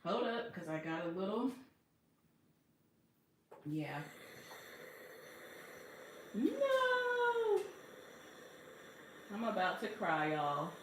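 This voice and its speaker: A woman hosts a casual sewing livestream, talking to herself and reading viewer comments aloud while she works. Her voice is fairly low with lively intonation, a little slow and full of pauses. The room is echoey with faint noise.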